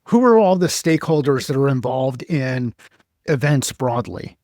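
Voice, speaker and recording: A man's voice: mid-range voice, lively intonation, moderate pace, a little mellow, no echo, studio quality. Man hosting, casual and rambling. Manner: loose, thinking aloud, "like" fillers. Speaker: podcast host. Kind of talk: casual interview questions.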